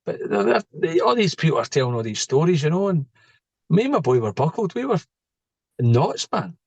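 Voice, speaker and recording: A man's voice: fairly high pitch, very animated, brisk, creaky, dry recording, lo-fi sound. A middle-aged man, a podcast guest telling stories in a casual, joking way and laughing at his own tales. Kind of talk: casual storytelling interview.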